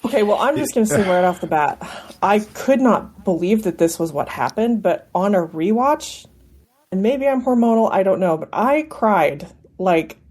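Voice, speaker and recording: A woman's voice: mid-range voice, expressive, moderate pace, darkish tone. A woman co-hosting a podcast, talking casually in an emotional, candid way. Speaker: podcast co-host. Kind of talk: casual chat.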